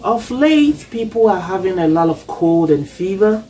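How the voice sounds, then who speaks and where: A woman's voice: mid-range voice, big pitch swings, moderate pace, warm tone, slight background noise. A woman, who has a cold, hosting a chatty, reassuring cooking tutorial in her home kitchen. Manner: chatty, reassuring, repeats okay. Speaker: cooking channel host.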